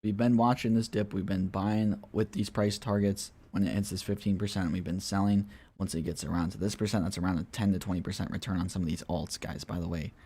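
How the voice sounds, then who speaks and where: Answering viewers' questions on his casual crypto livestream, this man talks straight to the audience and often calls them guys, sometimes breaking into a mocking rant with scoffing laughs. His voice sits low and warm with a breathy edge, fairly even in intonation and fairly quick.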